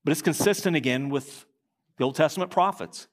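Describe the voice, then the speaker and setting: A man preaching a sermon as pastor, reading quotations aloud, slowing and dropping low at key lines.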